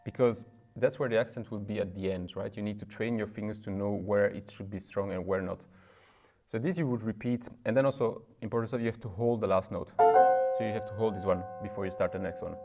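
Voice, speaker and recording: A piano teacher whose first language is French gives a casual lesson in a room with a piano, his voice fairly low. He explains practice methods in plain, slightly non-native English, asking "right?" again and again as he plays. His speech sits over loud piano playing.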